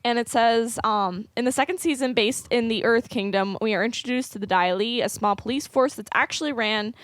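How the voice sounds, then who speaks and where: A woman's voice: mid-range voice, no echo. A woman co-hosting a casual podcast, talking eagerly and reading aloud from an article. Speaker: podcast co-host. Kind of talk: casual chat.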